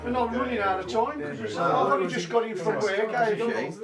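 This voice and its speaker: A man's voice: sits high, steady tone, moderate pace, over loud music. A man trading jokey, teasing banter with his drinking mates. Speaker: pub crawl companion. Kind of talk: pub banter.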